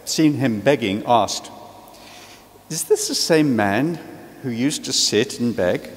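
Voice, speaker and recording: An Australian man reading a scripture passage aloud in church, slow and deliberate. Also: mid-range voice, in a large hall. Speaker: scripture reader.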